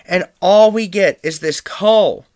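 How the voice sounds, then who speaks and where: A young man from Pennsylvania telling family anecdotes in an animated, chuckling way for a student project. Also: high-pitched, slow pace, no echo, clean studio sound. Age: young adult. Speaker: student storyteller.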